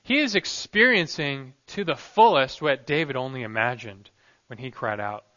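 A man preaching an expository sermon as pastor, earnest and emphatic, often letting the ends of his phrases drop soft. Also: medium pitch, animated, moderate pace. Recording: dull lo-fi recording.

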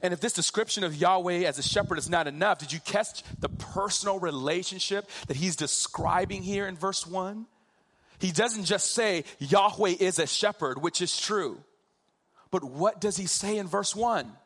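A man preaching a sermon, slow and emphatic, drawing out key phrases for weight. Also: sits high, a bit bright, husky.

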